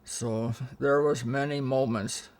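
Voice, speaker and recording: At a slow pace, in a medium-pitched, somewhat mellow voice with fairly even intonation, an older man tells rambling family stories during a casual interview. He often restarts what he's saying and quotes others.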